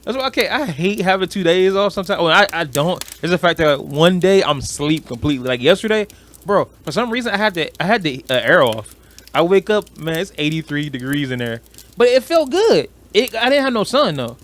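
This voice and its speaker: Fast-talking animated young man. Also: high-pitched. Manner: animated, ranting, acts out quoted coworkers. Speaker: podcast co-host. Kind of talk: casual podcast chat.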